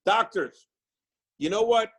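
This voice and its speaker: A man's voice: high-pitched, expressive, slow pace, gravelly, fairly bright tone, breathy edge, rough recording. A man in his sixties giving an impassioned, preachy motivational speech as a chiropractic coach, hammering points with repetition. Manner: fiery, preachy, repeats words for emphasis. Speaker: live show guest speaker.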